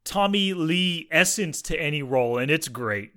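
Bright-voiced easygoing man. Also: a little high, lively intonation, moderate pace, smooth. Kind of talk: casual chat about a movie.

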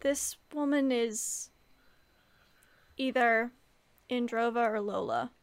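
A woman's voice: fairly high pitch, steady tone, slow pace, vocal fry, clear, resonant tone, no room sound. A woman playing a tabletop game, giggly and hesitant, with lots of ums. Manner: giggly, hesitant, full of fillers. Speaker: player. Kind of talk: casual tabletop game play.

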